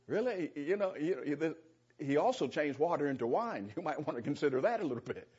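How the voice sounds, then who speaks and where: Chuckling male preacher, husky and lo-fi. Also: on the high side, big pitch swings, fairly quick, a little mellow. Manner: conversational, chuckles often, restarts phrases. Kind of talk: sermon, verse-by-verse Bible teaching. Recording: dull lo-fi sound.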